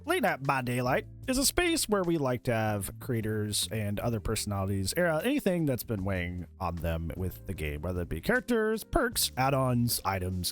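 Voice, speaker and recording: Man host with a very lively pitch. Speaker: podcast host. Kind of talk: casual interview chat.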